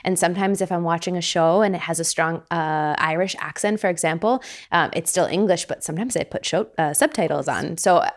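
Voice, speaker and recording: A woman's voice: on the low side, brisk, few pauses. A young American woman hosting a casual chat, talking easily, correcting herself now and then and laughing often. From United States. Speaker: host.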